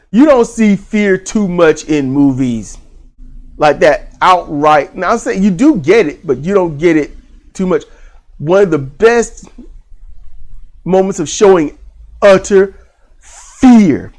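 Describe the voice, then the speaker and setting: Guy rambling thru a movie review, kinda high voice, lots of um and uh, swears a bit. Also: a little mellow. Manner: rambling, frequent restarts and fillers, casual swearing. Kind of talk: casual spoken movie review.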